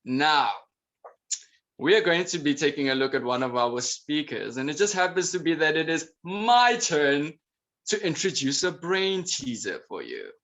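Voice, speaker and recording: A man's voice: a little high, big pitch swings, measured pace, a bit bright. A man hosting an online conference, introducing segments and quizzing his co-host in a playful, exclamatory way. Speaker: event host. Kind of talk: enthusiastic emcee patter.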